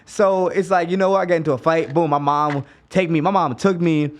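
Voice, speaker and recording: A man from Jamaica hosting a casual podcast chat, relaxed and quick with short affirmations. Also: fairly high pitch. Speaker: podcast host.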